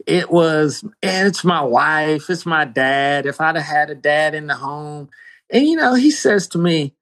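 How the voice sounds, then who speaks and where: A man giving a spoken faith testimony, emphatic, with big pitch swings and dramatic pauses. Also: lively intonation, a bit bright. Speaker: guest sharing testimony.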